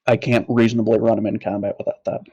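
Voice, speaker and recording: A man's voice: lowish voice, level tone, quick pace, warm tone, dry recording, dull audio. A man playing a tabletop game, talking in a matter-of-fact, casual way. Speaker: player. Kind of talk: casual tabletop play chat.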